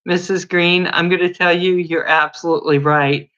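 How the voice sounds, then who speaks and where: Greeting viewers by name and sharing small stories, a talkative woman runs a casual livestream at a normal speed. Her lowish voice comes across bright and forward with fairly even intonation. The sound is lo-fi and dull.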